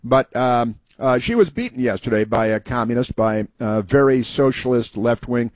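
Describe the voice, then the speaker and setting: A man's voice: mid-range voice, lively intonation, normal speed, dry recording. A man hosting a casual talk show, rambling through anecdotes and mocking political commentary. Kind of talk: casual talk radio monologue.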